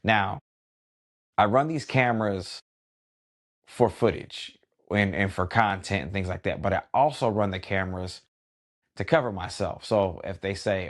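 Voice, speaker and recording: A middle-aged man, a wedding DJ hosting a podcast, telling a story in a relaxed conversational way with lots of asides. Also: low-pitched, normal speed. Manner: relaxed and conversational, many "you know" asides.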